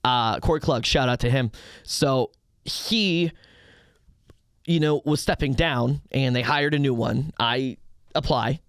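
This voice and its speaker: A young man chatting on a podcast at an ordinary pitch, recorded close and dry. He tells stories with rising excitement and now and then shouts out crowd chants. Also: slow, clean tone, no room sound. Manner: excitable storyteller, acts out crowd hype in loud bursts. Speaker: podcast guest, arena host. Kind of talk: casual podcast chat.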